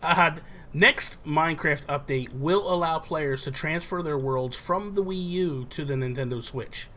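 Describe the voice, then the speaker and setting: A young adult man hosting a casual chat show, telling a story with lively acted-out quotes. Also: on the high side, measured pace, slight background noise. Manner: animated storyteller, acts out quoted voices. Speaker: host.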